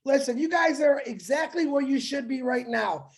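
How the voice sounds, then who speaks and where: A man on a video call, co-hosting an online webinar, excitedly chatting, joking and shouting out greetings to viewers. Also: very high-pitched, moderate pace. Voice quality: jokey, hyped, shouts names.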